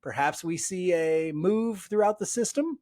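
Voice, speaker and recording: A man co-hosting a sports podcast, talking in an animated, exasperated way with plenty of fillers. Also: high voice, measured pace. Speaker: podcast co-host. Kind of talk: casual sports chat.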